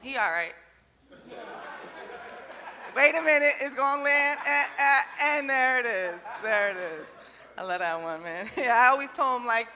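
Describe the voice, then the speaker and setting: Brash young woman comic, high bright voice, loud and profane, club reverb. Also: unhurried, long pauses. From New Jersey. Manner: brash, profane and loud, laughing at her own jokes. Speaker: stand-up comedian. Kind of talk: stand-up comedy set. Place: comedy club stage.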